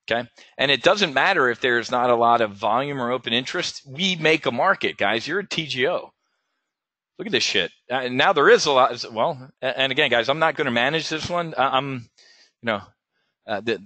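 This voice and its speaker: A man's voice: mid-range voice, expressive, moderate pace, sharp tone, dry recording. A man hosting a casual live webinar as an options trading coach, stammering and repeating words, blunt and salty, with pilot slang.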